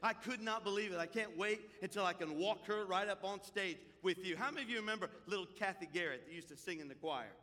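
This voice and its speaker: A man preaching a sermon as pastor, impassioned, swinging between loud proclamations and hushed storytelling. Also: sits high, fast, hardly any pauses, long reverb tail.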